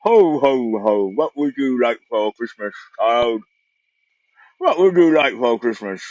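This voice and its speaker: A man putting on a jolly department store Santa voice, booming out ho-ho-hos. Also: animated, slow, darkish tone, no room sound, highs cut off.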